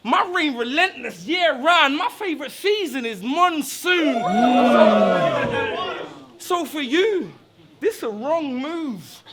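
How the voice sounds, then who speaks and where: A man performing taunting rap verses at a live battle, shouting his punchlines at an opponent. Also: very high voice, very animated, slow pace, heavy background noise. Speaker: battle rapper.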